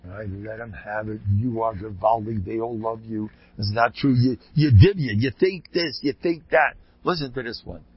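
A man's voice: a little high, slightly rough, no room sound, dull audio. An older man, a rebbe, giving an informal Torah talk, joking and sprinkling in Hebrew and Yiddish terms. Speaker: rebbe teaching a Torah class.

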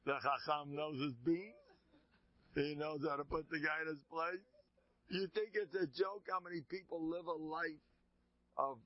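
A man's voice: a little high, moderate pace, no room sound. A man giving a religious talk, telling stories and acting out the characters in them. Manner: animated, acts out characters in stories. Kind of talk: sermon with storytelling. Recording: dull lo-fi recording.

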